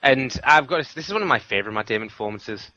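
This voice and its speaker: A man's voice: medium pitch, expressive, fast, sharp tone, no echo, lo-fi sound. A man from the UK co-hosting a casual film review chat, talking in a chatty, hedging way with many fillers. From United Kingdom. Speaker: film review podcast co-host.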